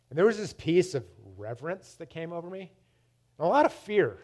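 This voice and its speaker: A man preaching a personal testimony, emphatic, swinging between loud and hushed, often repeating his words. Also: on the high side, big pitch swings, fairly quick.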